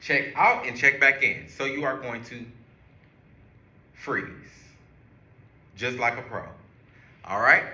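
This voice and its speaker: A man teaching a group, walking them through breathing and counting in a slow, guiding way. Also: mid-range voice, sharp tone. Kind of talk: classroom lesson on calming strategies. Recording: echoey room.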